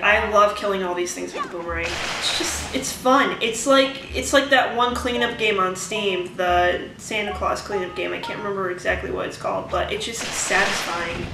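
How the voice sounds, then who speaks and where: A woman giving rambling, chatty gameplay commentary, with wry asides to her viewers. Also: mid-range voice. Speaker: let's play commentator. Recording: echoey room, distant mic, music behind.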